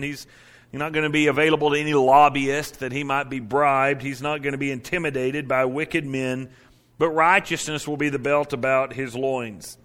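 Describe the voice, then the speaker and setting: A middle-aged man preaching a sermon as pastor, emphatic and slowing down to stress key words. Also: fairly high pitch, bright, forceful tone.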